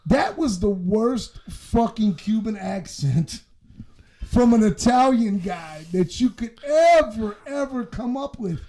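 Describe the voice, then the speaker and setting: A man's voice: sits high, very animated, takes it slowly, mellow. A man co-hosting a casual podcast, blunt and profane, telling stories with lots of animation. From Southwest Detroit. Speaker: podcast co-host.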